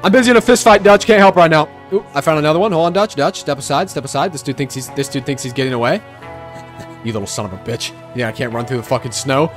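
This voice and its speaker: A young man doing loud, profane, excitable commentary while playing a video game. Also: fairly high pitch, fast talker, soft background music. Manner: profane, excitable trash talk. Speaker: gaming streamer. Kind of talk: gameplay commentary.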